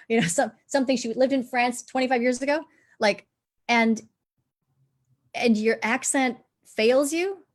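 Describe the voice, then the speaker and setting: A woman dialect coach explaining accent work on a live panel, animated and demonstrating sounds as she talks. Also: high-pitched.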